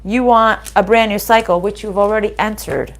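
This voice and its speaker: A woman talks viewers through a spiritual card reading in a relaxed, chatty way. She sounds reassuring and keeps checking in with little "right?" and "okay?" questions as she goes. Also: mid-range voice, normal speed.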